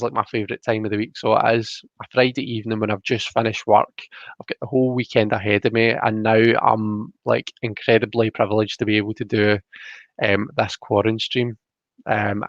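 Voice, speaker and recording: Gravelly man, quick mumbling stream talk. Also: medium pitch, no echo. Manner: talks fast and mumbles when absorbed. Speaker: tarot reader and live-stream host. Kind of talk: casual live-stream chat while reading cards. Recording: dry, dull lo-fi sound.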